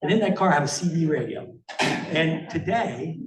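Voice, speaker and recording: A man's voice: a little high, animated, moderate pace. A man in his sixties, from Miami, giving a casual rambling talk with slides to an audience, full of fillers and chuckles. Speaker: guest speaker, photographer. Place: meeting hall with audience. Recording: echoey hall from far off.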